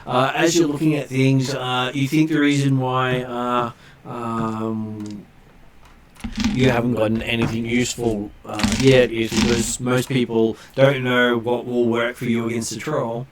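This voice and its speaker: An easygoing man runs a tabletop game as game master, talking at an average pitch. He speaks in a relaxed, halting way, full of small fillers. There is a faint hiss behind his voice. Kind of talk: running a tabletop game over voice chat.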